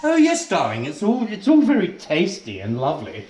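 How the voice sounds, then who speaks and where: A man plays a posh, affected housewife hosting a comedy cooking show, fussing over the stove and calling everyone darling. The voice sits fairly high and swoops about a lot. It rings in a roomy, echoing kitchen. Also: wildly swooping pitch, moderate pace, darkish tone, soft background music. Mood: posh chatty. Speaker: comic cooking host. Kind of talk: comic drag cooking show. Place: home kitchen.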